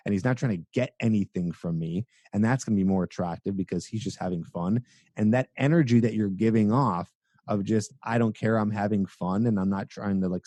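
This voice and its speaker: A young adult man on a podcast, a dating coach explaining his tips with energy and sometimes acting out examples. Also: no room sound. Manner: energetic, acts out examples in a high goofy voice.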